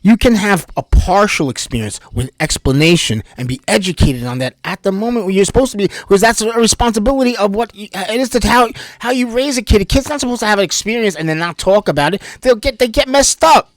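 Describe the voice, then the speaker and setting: A man from New Jersey giving an animated, rambling personal monologue, swearing freely. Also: high-pitched, fast talker, few pauses, dry recording, clean studio sound. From Bayonne, New Jersey. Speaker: vlogger.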